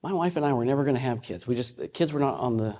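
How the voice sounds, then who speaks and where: A man in his fifties teaching a ministry audience in a conversational way, telling personal stories with frequent halting restarts. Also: medium pitch, mellow. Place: meeting room with an audience. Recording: long hall reverb.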